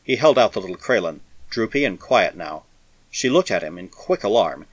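A man narrating a science fiction story with a dramatic, expressive reading. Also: on the low side, moderate pace, no echo, lo-fi sound. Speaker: audiobook narrator.

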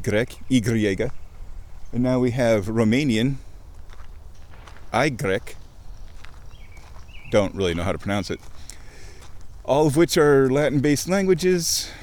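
A man talking in a rambling, excitable casual monologue while walking outdoors by a creek, interrupting himself and swearing casually. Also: medium pitch. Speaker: vlogger.

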